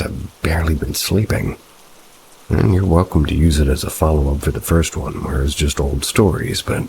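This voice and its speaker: A man narrates a spooky first-person tale in a steady, unhurried way. His voice sits extremely low, with a rough, gravelly fry. Faint rain can be heard behind him. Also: a little hiss or hum, poor audio. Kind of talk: horror story narration.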